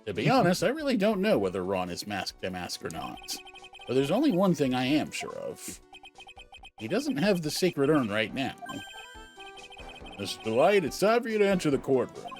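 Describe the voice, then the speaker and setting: A man's voice: mid-range voice, wildly swooping pitch, moderate pace, soft background music. A man reading the lines of an earnest young male defense lawyer in a dry, matter-of-fact way. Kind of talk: reading game dialogue aloud.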